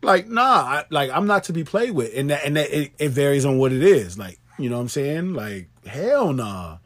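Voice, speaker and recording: Husky, lively-voiced man, casual co-host. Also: mid-range voice, normal speed. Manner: laid-back, swearing, emphatic repetition. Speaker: podcast co-host. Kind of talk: casual chat.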